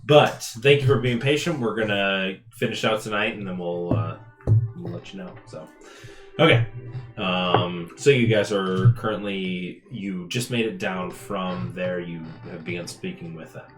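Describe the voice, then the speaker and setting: Deep-voiced man running a tabletop game. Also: a little slow. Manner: relaxed, laughing often, hesitant restarts. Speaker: game master. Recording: echoey room with background music.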